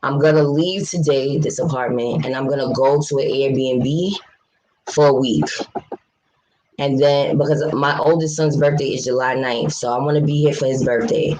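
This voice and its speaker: A livestream host from New York City talks bluntly and passionately straight to her viewers, reading chat aloud and swearing freely in casual conversation. Her voice rumbles low with fairly even intonation, moderate pace and a slightly mellow quality, on a low-quality recording with a little hiss or hum.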